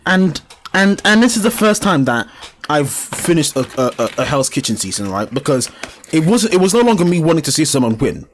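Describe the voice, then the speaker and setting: A man hosting a casual podcast chat, swearing freely and getting excitable as he retells things. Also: on the high side, brisk, a little hiss or hum. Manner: swearing, excitable, acts out shouted quotes. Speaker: podcast host.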